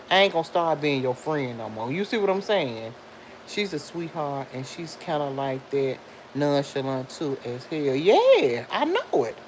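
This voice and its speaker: A middle-aged woman chats live with her viewers in a lively, sing-song voice that sits a little low. She laughs often and answers commenters directly. A faint hiss of background noise runs under her voice. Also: rough recording. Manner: animated, talks back to commenters, laughs often. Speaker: live stream host. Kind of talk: casual live chat reading comments.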